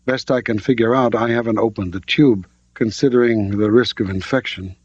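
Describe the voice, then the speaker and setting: A man's voice: fairly low pitch, moderate pace, no echo, natural voice. A man doing a cool, evasive woman scientist. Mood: thoughtful. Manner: calm, matter-of-fact, defensive when pressed. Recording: dull lo-fi audiobook recording.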